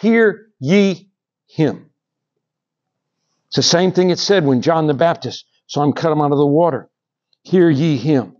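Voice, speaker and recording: A man preaching a sermon, swinging between raised, emphatic lines and hushed, drawn-out ones. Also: fairly high pitch, muffled recording. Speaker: pastor.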